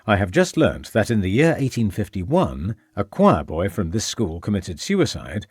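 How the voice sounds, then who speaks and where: A man's voice: fairly low pitch, sing-song, moderate pace, a little mellow, breathy edge, dry recording, clean studio sound. A man voicing a polite, methodical police inspector in a period mystery. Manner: polite, formal.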